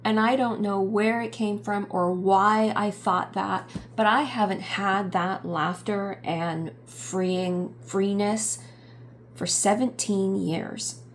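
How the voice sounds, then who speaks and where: A middle-aged woman giving a personal vlog update, talking in a halting, reflective way with many pauses and fillers. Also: mid-range voice, steady tone, slight background noise. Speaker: YouTube channel host.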